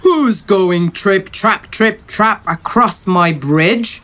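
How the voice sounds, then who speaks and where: A woman voicing a big, ugly male troll who roars slowly and loudly from under a bridge. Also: mid-range voice, animated. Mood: roaring.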